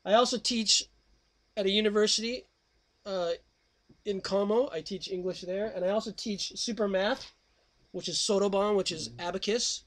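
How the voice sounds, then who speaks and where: A man hosts a casual call-in radio show, his voice sitting high with fairly even intonation at a normal speed. He chats in a rambling, scatterbrained way and breaks into snatches of song.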